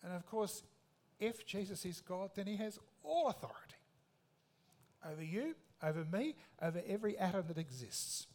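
A man preaching a sermon in an emphatic, conversational way, with rhetorical questions. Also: high voice.

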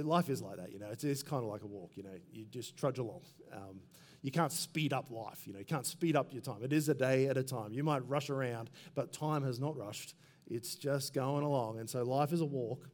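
A man preaching a sermon in a relaxed, conversational way, full of asides and quick fillers. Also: fairly high pitch. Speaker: pastor.

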